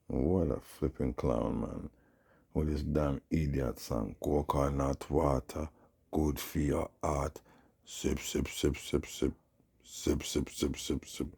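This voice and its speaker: A man with a Jamaican accent ranting in a scornful, mocking commentary and breaking into loud outbursts. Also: very deep voice, creaky, slightly rough. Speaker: video commentator.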